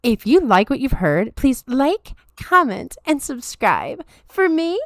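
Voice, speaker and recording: A woman's voice: sits high, very animated, slow, no echo, studio quality, voice pushed up, heavily acted. A woman voicing a bubbly, annoying Valley Girl who reads a podcast plug in a perky, "like"-filled way. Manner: perky, upspeaking, "like"-filled delivery.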